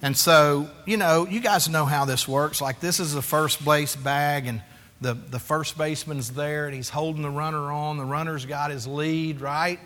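A man in his forties preaches with a bright, forceful, fairly high voice. He is animated and self-deprecating, acts out little scenes and calls for amens. The sound carries a long, echoey hall reverb. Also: moderate pace. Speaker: pastor. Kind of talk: sermon.

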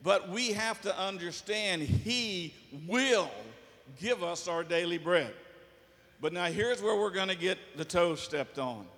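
High-voiced preaching pastor, man. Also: takes it slowly, fairly bright tone. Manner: folksy preaching with asides and jokes. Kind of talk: sermon. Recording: long hall reverb.

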